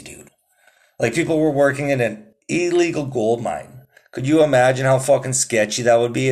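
A man hosting his own podcast in loose, rambling casual chat, swearing a lot and calling listeners "dude". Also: medium pitch. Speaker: podcast host.

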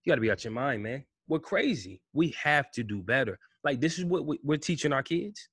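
A man giving an impassioned commentary rant, firing rhetorical questions and swinging between loud outbursts and low mutters. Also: very animated, brisk, slightly rough, no room sound, clean studio sound. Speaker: vlogger.

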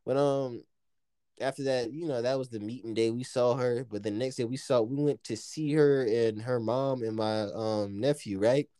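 A young man from the United States telling a story in casual chat, animated and profane, often laughing. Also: medium pitch, moderate pace, no room sound, clean studio sound.

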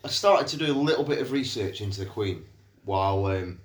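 A man's voice: lowish voice, expressive, brisk. A man co-hosting a beer podcast, chatting with dry, wry humour. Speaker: podcast co-host. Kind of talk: casual chat. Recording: roomy echo.

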